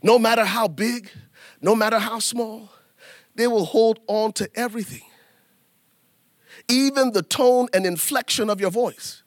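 High-pitched preacher guy, folksy sermon, acts out little bits, dry sound. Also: a little slow, pauses often, dry recording. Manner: animated preaching with acted asides; folksy, addresses congregation as y'all. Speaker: pastor.

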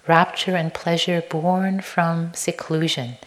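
A woman meditation teacher giving a dharma talk, gentle and slow, sometimes sinking to a soft whisper and at other times turning playful and expressive. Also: lowish voice.

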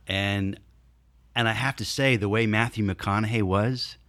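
A man in his fifties, a podcast guest telling stories in an animated way, acting out scenes with sound effects and voices. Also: on the low side, a little slow, no echo, clean studio sound. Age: 50s. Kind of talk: casual storytelling.

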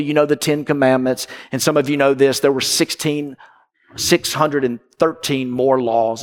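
A man preaching a sermon from the pulpit, emphatic and repetitive, swinging between loud and hushed. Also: medium pitch, big-room sound. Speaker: pastor. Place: church with balcony.

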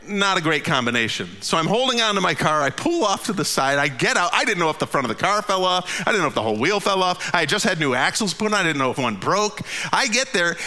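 A man in his fifties telling a funny personal story, his voice leaping up at the punchlines and sinking low and quiet for the tired asides. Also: in a large hall. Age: 50s. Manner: animated, jumps high in pitch at the funny parts.

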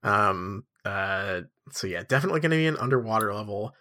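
A man co-hosting a podcast, chatting casually with many fillers and restarts. His pitch swings a lot as he rambles through jokey ideas, and his delivery stays loose and playful. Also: expressive, a little fast, pushed and bright. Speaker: podcast co-host. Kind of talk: casual chat.

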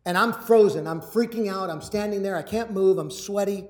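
A man giving a motivational talk to a live audience. He tells a personal story with energy, acts out shouted lines and often repeats his words. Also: high-pitched, moderate pace, few pauses. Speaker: public speaker.

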